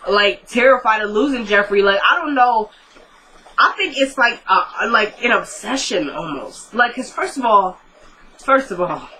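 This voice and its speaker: A person casually recapping a TV drama episode, retelling the scenes in quick, paraphrased dialogue and adding their own opinions. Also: mid-range voice, sharp tone, a little hiss or hum, rough recording.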